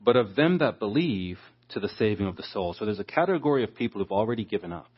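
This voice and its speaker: A man's voice: fairly low pitch, lively intonation, quick pace, slightly rough. A man preaching a Bible study, explaining a passage verse by verse and acting out the people he quotes. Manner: expository, acts out quoted speakers. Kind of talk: Bible teaching. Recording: dull lo-fi sound.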